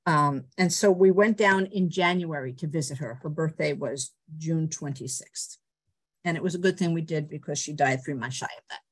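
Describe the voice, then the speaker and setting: A middle-aged woman telling personal stories on a video call, animated and laughing often. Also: low-pitched, moderate pace, slightly rough. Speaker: guest speaker. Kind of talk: personal storytelling.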